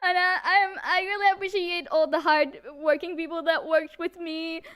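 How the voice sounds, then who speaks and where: Very high-voiced tearful woman streamer. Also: steady tone, normal speed, a bit bright. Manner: stammering, laughing, reading chat aloud. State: tearful, on the verge of crying. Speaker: VTuber singer streaming. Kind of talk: emotional live-stream chat.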